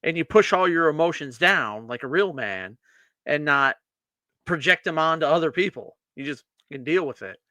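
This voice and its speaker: A man's voice: fairly high pitch, lively intonation, normal speed, sharp tone, no room sound. A man co-hosting a casual beer podcast, joking and acting out mock quotes. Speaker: podcast co-host.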